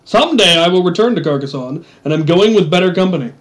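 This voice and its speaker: A man's voice: sits high, animated, fast talker. A man chatting casually while gaming, telling rambling stories with a wry, offhand manner. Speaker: streamer.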